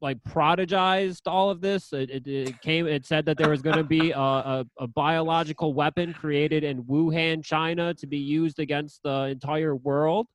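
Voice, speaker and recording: A man's voice: fairly high pitch, steady tone, normal speed, few pauses. A man co-hosting a podcast, rambling through crude jokes in casual banter. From Italian-American. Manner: rambling, joking, trails off. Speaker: podcast co-host.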